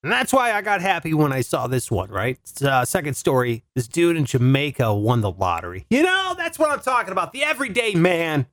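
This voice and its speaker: A man's voice: fairly high pitch, very animated, fairly quick, hardly any pauses, fairly bright tone, dry recording, clean studio sound. A man riffing comically on news stories in a loose, joking way, laughing between his lines.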